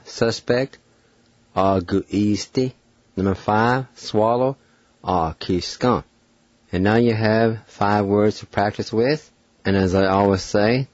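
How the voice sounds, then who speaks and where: A man hosting a radio language lesson, spelling out words letter by letter and sounding out each syllable slowly and deliberately. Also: fairly low pitch, darkish tone, no room sound, lo-fi sound. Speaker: radio host teaching a language.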